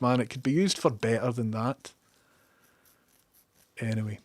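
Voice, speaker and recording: A man's voice: medium pitch, steady tone, a little slow, pauses often, no echo, studio quality. A Glaswegian man chatting casually on a live stream, sweary and opinionated as he reads chat messages. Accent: Scottish, Glaswegian. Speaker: livestreamer.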